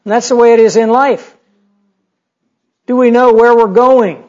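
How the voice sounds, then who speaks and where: A man's voice: extremely high pitch, fairly even intonation, unhurried, darkish tone. A male pastor preaching a sermon in a conversational, humorous way, full of rhetorical questions. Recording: dull lo-fi recording.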